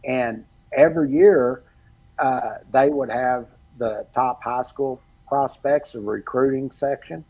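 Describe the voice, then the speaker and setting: Middle-aged Texan co-host, gravelly husky voice, casual and animated storyteller. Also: male voice, mid-range voice, slow pace, rough recording. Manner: animated storyteller, quotes others in lively bursts. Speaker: podcast co-host. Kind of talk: casual sports chat.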